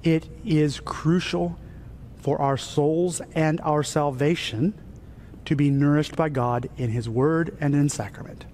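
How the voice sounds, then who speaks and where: A male pastor delivering a sermon in a church, his voice sitting a touch high for a man. He builds to soaring, loud peaks and then drops down low and hushed. A faint rumble runs underneath the recording. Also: unhurried. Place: church sanctuary.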